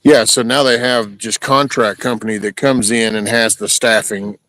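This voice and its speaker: A man's voice: fairly low pitch, fairly even intonation, normal speed, a bit bright, no echo, poor audio. Texan man with a dry sound. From Texas. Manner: rambling, opinionated. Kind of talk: casual livestream chat.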